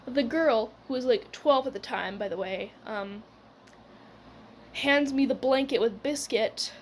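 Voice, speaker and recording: Young adult woman, higher voice, loose casual storyteller who fills every gap with "like" and laughs, faint background hiss. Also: unhurried. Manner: rambling, full of "like" and "whatever", laughing.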